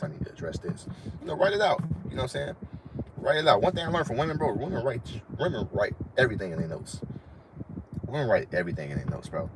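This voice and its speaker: A man's voice: lowish voice, heavy background noise. A young man from Florida, an online fitness trainer, giving casual advice on a live stream, calling the listener "bro" over and over and repeating his points.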